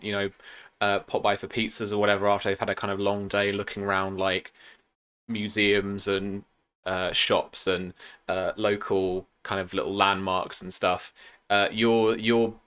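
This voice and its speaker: A man's voice: lowish voice, a bit bright. A young man running a tabletop game as game master, rambling and swearing with lots of fillers. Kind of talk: improvised tabletop game narration.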